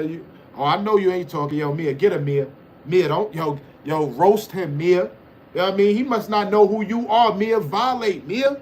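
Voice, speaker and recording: A man hosts a livestream and riffs on the chat in loose, teasing banter. His voice sits high for a man. A faint hiss of noise runs underneath. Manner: loose, teasing banter with frequent "you know what I'm saying". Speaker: livestream host reading chat.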